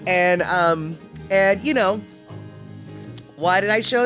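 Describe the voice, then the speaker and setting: A woman's voice: medium pitch, slow pace, pauses often, fairly bright tone, faint music behind. A woman hosting a live stream, chatting casually and rambling with lots of fillers. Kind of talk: casual chat.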